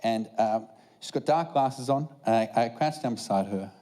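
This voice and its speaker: A man doing stand-up storytelling, animated and acting out the back-and-forth of a conversation. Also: mid-range voice, moderate pace. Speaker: stand-up comedian.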